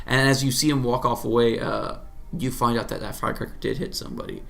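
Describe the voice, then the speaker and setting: A man's voice: medium pitch, steady tone, fast, creaky, a bit bright. A young man co-hosting a podcast, casually chiming in while retelling a film with his co-host. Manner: laid-back, chimes in and finishes the other's lines. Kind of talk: casual movie recap chat.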